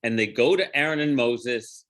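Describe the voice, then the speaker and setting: A male rabbi with a mid-range, slightly bright voice leads an informal Torah study class. He wanders through the text in a digressive way, chanting Hebrew phrases slowly and pausing to correct himself.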